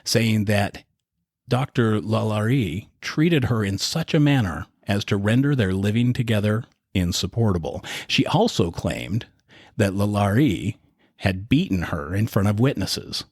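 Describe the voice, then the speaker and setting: A man co-hosting a podcast, casually retelling a dark historical story in a relaxed, conversational way. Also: fairly low pitch, unhurried, husky, no echo, clean studio sound. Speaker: podcast co-host.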